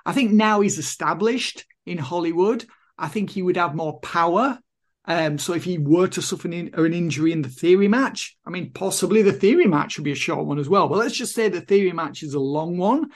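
A man co-hosts a casual wrestling podcast, giving opinionated takes that ramble through lots of "I mean". His voice sits somewhat higher than most men's. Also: brisk. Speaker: podcast co-host.

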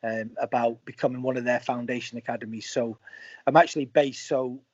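A former footballer tells anecdotes casually in an interview, speaking a little fast in a medium-pitched voice. He's an animated storyteller who acts out the quoted lines of the people in his stories. The audio is dry and slightly muffled.

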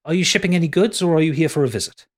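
A man's voice: fairly high pitch, racing, voice pushed up, natural voice. A man voicing a prim, fawning male city concierge who repeats his words. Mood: fussy polite.

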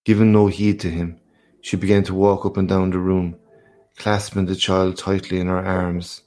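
A man narrating a classic short story aloud in a measured, unhurried way. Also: deep voice, level tone, warm tone.

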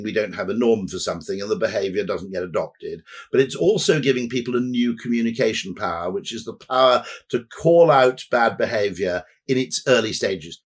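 Man, low voice, husky, rambling and anecdotal, dry humour. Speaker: guest, advertising executive. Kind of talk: conversational podcast interview.

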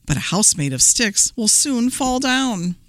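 A woman's voice: a little high, very animated, a little slow, dry recording, studio quality, voice pushed up. A woman voicing a kindly woodcutter who gives advice in a children's storybook reading. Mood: advising. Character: kindly male woodcutter giving warning.

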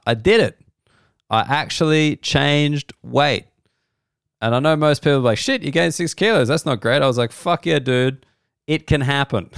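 An Australian man rambling through a comic monologue, swearing freely and punching up his jokes with bursts of fake enthusiasm. His voice is clean and resonant, recorded close and dry with no room sound, sitting at an ordinary male pitch. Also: clear, resonant tone, dry recording. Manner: loose, profane storytelling with mock-excited outbursts. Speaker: comedian host. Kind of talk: solo comedy podcast monologue.

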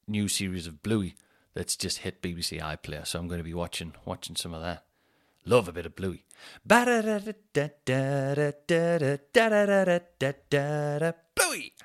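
A man chats on his own podcast. He rambles through his thoughts, pokes fun at himself and swears casually, in a voice that sits a bit low. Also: fairly bright tone. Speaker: comedian podcast host. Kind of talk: casual solo chat.

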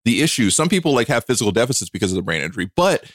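A man's voice: mid-range voice, big pitch swings, rapid-fire, no room sound, clean studio sound. A man co-hosting a podcast, chatting casually with a laughing, self-deprecating manner. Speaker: podcast co-host.

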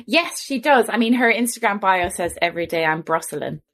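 A woman's voice: mid-range voice, lively intonation, fairly quick, fairly bright tone. A young woman with an Irish accent, co-hosting a casual podcast chat about a cookbook, chatty and laughing often. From Ireland. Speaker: podcast co-host.

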